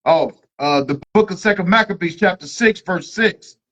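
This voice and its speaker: A man's voice: high-pitched, moderate pace, a bit bright. A man reading scripture and then preaching emphatically, often repeating a question for emphasis. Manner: emphatic, repeats "you understand?". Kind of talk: preachy discussion. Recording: dull lo-fi recording.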